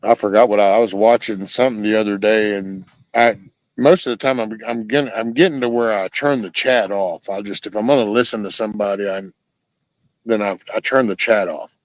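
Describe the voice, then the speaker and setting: This livestream host speaks in a lowish, steady tone, rambling through casual talk with viewers. He swears frequently and halts and restarts his sentences, captured in a dry, rough recording.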